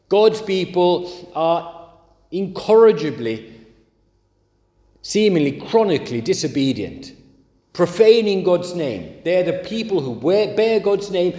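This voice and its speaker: Man, sermon, emphatic slow stresses, animated pitch, roomy echo. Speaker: preacher. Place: church. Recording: echoey church hall.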